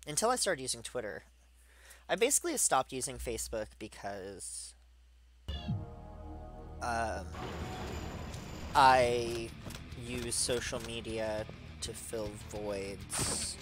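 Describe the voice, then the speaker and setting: A man's voice: mid-range voice, slow, pauses often. Rambling stoned man in his thirties. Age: 30s. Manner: rambling, digressive, with excited outbursts. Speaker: video game streamer. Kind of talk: casual gameplay commentary. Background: game music.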